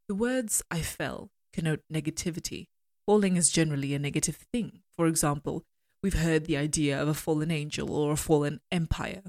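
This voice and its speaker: A woman giving a measured, analytical critique of poems and reading lines aloud. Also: low voice, darkish tone, dry recording, studio quality. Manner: measured, deliberate, argumentative. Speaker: poetry critic.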